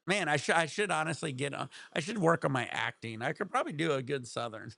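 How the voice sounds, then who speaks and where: Gravelly, laid-back male streamer. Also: medium pitch, animated, fairly bright tone, dry recording, studio quality. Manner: laid-back, rambling, quick to laugh. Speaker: livestream host. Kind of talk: casual livestream chat.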